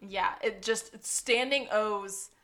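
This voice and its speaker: A woman's voice: medium pitch, slow pace, fairly bright tone. A young woman co-hosting a casual podcast, chatty and giggly, recapping a show. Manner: giggly, chatty, mimics characters badly. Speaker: podcast co-host.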